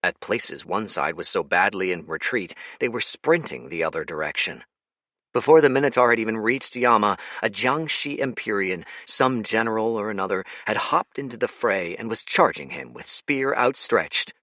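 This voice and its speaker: A man narrating a fast-paced action audiobook in a dramatic, animated reading style, close to the mic. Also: lowish voice, dry recording.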